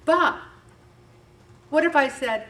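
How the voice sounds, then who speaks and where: A middle-aged woman leading a faith-based weight loss group, talking in an animated way and acting out bits of dialogue. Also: sits high, slow pace. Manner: animated, acts out dialogue with voices. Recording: echoey room, distant mic, faint background noise.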